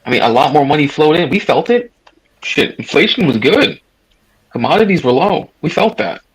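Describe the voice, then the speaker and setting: On a low-quality voice chat recording, a thirty-something guest caller from the U.S. argues politics casually, emphatic and rambling, swearing now and then. He speaks at normal speed in an animated, fairly high, slightly rough voice.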